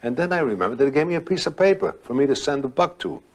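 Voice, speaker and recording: An older man telling a ghost story in a rambling, conversational way, with dramatic pauses and acted-out quotes. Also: a little high, animated, a little mellow.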